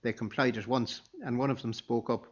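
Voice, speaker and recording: A man's voice: medium pitch, fairly even intonation, a little fast. Man reading a story, dull lo-fi sound. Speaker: audiobook narrator. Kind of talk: scripted narration.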